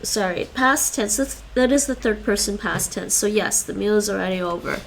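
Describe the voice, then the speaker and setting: A woman's voice: mid-range voice, normal speed, gravelly, a little hiss or hum, poor audio. A woman streaming her language study, thinking aloud, correcting herself and explaining grammar as she goes.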